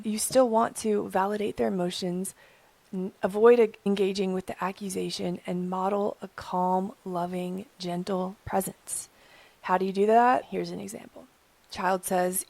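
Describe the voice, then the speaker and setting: A young adult woman hosting an advice channel, talking calmly and earnestly from her own experience. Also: medium pitch, moderate pace, gravelly, no room sound. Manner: gentle, earnest, speaking from personal experience. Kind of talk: calm advice talk to camera.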